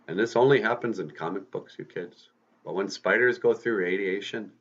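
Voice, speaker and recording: A man's voice: low-pitched, fairly bright tone. A man hosting a podcast, telling a story to kids in a casual, folksy, chatty way. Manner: folksy, chatty, addresses listeners. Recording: dull lo-fi recording.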